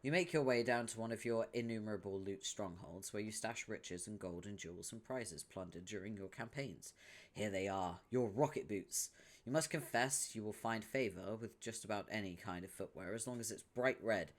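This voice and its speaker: A man's voice: on the low side, normal speed. A man hosting a read-along, narrating a webcomic in a wry, dramatic second-person style. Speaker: host reading a webcomic aloud.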